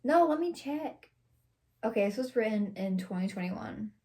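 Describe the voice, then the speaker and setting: A young woman reading fan fiction aloud on a vlog, breaking off for sarcastic, animated asides and swearing. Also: on the high side, normal speed. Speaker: fanfiction reader vlogger.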